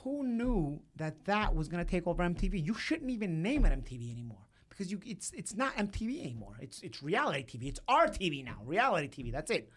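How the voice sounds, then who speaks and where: High-voiced, animated man. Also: fast, hardly any pauses. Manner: animated, rambling, laughs often. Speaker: podcast guest, boxing broadcaster. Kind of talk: casual podcast chat.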